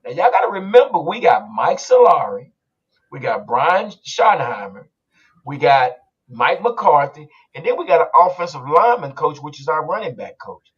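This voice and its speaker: Man, podcast host, casual sports chat, husky voice, muffled lo-fi sound. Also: on the high side, big pitch swings, normal speed.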